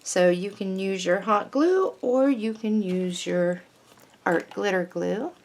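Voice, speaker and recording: A woman's voice: medium pitch, slow, a little mellow. A woman hosting a craft tutorial, patiently talking through each step of a paper flower project as she works.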